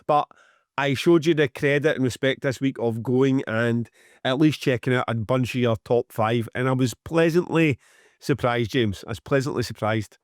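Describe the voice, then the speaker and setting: A man's voice: medium pitch, moderate pace, no room sound, studio quality. A Scottish man co-hosting a podcast in casual, sweary, teasing chat. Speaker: podcast co-host.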